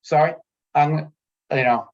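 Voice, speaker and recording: A man's voice: a little high, steady tone, slow. Frustrated man venting at a town meeting. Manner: frustrated, heated, repeats himself. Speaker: resident speaking at a town committee meeting. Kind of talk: public comment at a meeting. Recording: dull lo-fi meeting audio.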